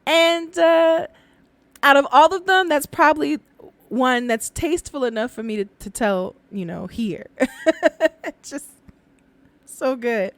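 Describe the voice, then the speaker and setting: A woman's voice: high-pitched, slow, no room sound. Chatty woman telling folk tales. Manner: laughs often, casual, chatty. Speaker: podcast host and storyteller. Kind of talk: casual storytelling podcast.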